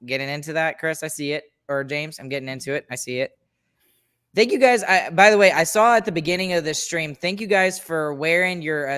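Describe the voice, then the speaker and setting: A man's voice: on the high side, sharp tone, clean tone. A man hosting a sports podcast, talking in an upbeat, chatty way and wrapping up the show. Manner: upbeat, chatty, pleading jokingly. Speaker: podcast host. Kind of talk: casual sports chat.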